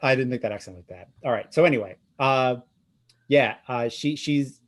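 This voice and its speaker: A man's voice: mid-range voice, moderate pace. A man running a tabletop role-playing game, chatty and self-effacing, with many fillers. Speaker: game master. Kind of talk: tabletop role-play chat.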